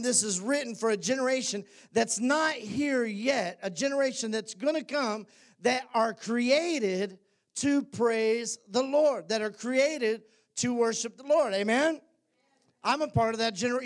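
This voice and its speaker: Pastor guy with a really high voice, preaching to the church, jokey then shouting scripture. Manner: energetic, jokes with the congregation, rises to shouts on scripture. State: out of breath. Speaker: lead pastor. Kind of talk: sermon. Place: church hall before a congregation.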